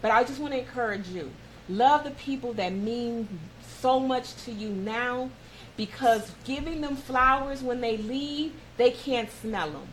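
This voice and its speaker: Heartfelt motivational talk show hostess. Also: female voice, fairly high pitch, lively intonation, a little slow, slight background noise, low-quality recording. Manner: heartfelt, encouraging, personal storytelling.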